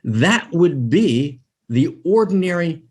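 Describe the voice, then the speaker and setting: A man's voice: on the high side, big pitch swings, takes it slowly, a little mellow, breathy edge. A man giving an emphatic spiritual teaching talk, repeating his phrases and often checking in with "right?".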